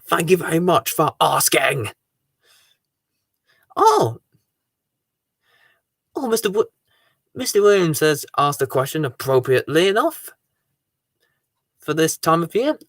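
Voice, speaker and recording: Excitable sing-song live-stream host. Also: a little slow, no room sound, studio quality. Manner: excitable, sing-song greetings with big pitch jumps. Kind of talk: live-stream chat reading viewer comments.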